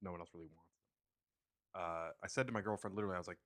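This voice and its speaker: A man's voice: sits low, fairly even intonation, fast talker, a bit bright. A man chatting casually as a podcast guest, telling a laid-back story. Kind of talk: casual chat.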